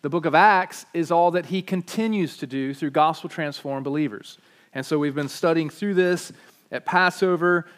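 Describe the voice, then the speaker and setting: A man's voice: fairly high pitch, a bit bright. A man preaching a sermon, emphatic and repetitive, with frequent restarts. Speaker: pastor.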